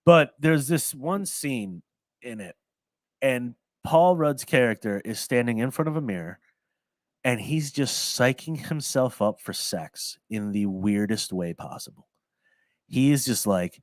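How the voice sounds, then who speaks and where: A man's voice: mid-range voice, expressive, a little slow, no room sound. Young man rambling casually, very dry sound. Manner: rambling, repeats words, laughs often. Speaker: podcast host. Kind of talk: casual chat.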